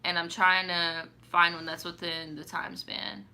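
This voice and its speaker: A young storytime YouTuber with a lowish, sharp voice hosts a casual live stream, speaking flatly and a little slowly. She reads viewer stories aloud and reacts to them in slang.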